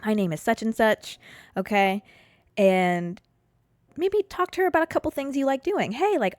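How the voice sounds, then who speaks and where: A woman's voice: medium pitch, lively intonation, quick pace, no room sound, studio quality. A woman hosting a podcast, giving casual dating advice in a chatty way, with many fillers and frequent "okay?". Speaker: podcast host.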